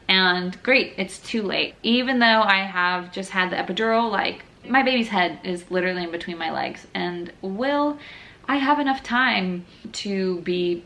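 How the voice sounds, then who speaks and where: A woman's voice: medium pitch, normal speed, bright, forceful tone. A young woman telling her own birth story in a frank, casual, chatty way. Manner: candid, frank, chatty with many fillers.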